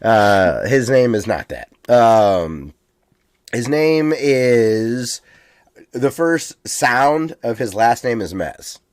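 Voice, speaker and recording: Speaking very slowly but in a very animated way, this American podcast co-host has a mid-range voice captured in a dry, clean studio recording. His casual chat wanders, peppered with lots of ums.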